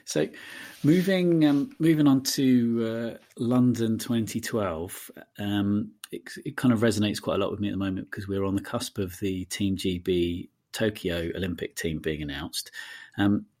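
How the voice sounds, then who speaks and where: A man with a low voice leads an interview, asking his guest friendly, chatty questions in a relaxed way. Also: normal speed.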